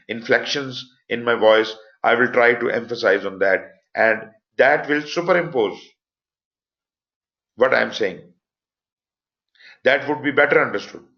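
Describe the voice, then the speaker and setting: Male instructor, Pakistani accent, explanatory online lecture voice, medium pitch, muffled web audio. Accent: Pakistani English. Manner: explanatory, stresses points with voice inflections. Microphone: computer mic for online class.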